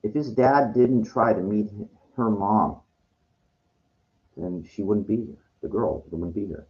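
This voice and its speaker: A man's voice: lowish voice, measured pace, lo-fi sound. A man rambling in a frustrated monologue vlog, repeating himself and restarting his sentences. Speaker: vlogger.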